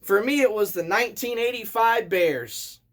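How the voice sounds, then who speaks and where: A man in his thirties, a vlogger telling a story in an excitable, animated way as a casual rant. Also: high-pitched, moderate pace. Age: 30s.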